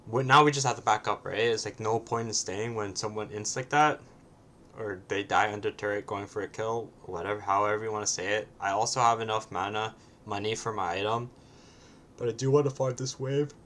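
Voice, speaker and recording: A man's voice: fairly low pitch, fairly even intonation, fairly quick, a bit bright, a little hiss or hum. A man casually commenting on his own match, often ending points with a questioning "right?" and sometimes swearing bluntly.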